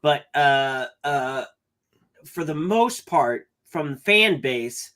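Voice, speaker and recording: A man co-hosting a casual podcast chat, talking haltingly with many restarts. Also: on the high side, expressive, sharp tone. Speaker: podcast co-host.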